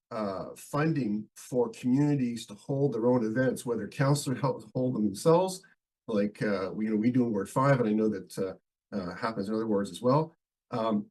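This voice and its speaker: Husky-voiced man with a head cold. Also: medium pitch, a little mellow, low-quality recording. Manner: halting, many fillers and restarts. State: head cold, losing his voice. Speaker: town councillor. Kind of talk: council debate speech. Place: council meeting.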